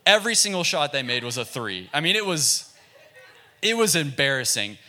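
A man with a bright, forceful voice tells a sermon story in a relaxed, self-mocking way. He talks like a youth pastor chatting with friends, loose and full of filler words. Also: fairly high pitch, normal speed.

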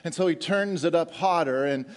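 Male pastor, middle-aged, sermon, animated, joking, slightly high voice. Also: moderate pace. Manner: animated, repeats words, joking with the congregation.

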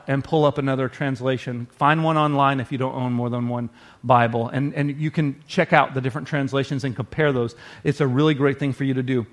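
A man's voice: mid-range voice, a little fast. A man preaching a sermon to his congregation in a conversational, earnest way. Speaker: pastor.

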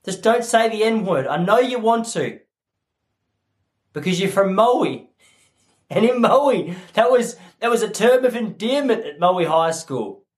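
A man in his thirties hosting a solo comedy podcast, rambling in a self-mocking way and slipping into quick character voices. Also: high-pitched, expressive. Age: 30s.

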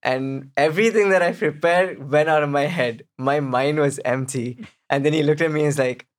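A young man, a guest, telling a personal story in casual chat, animated and quoting others as he goes. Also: fairly high pitch, normal speed. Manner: animated, quotes others in acted voices.

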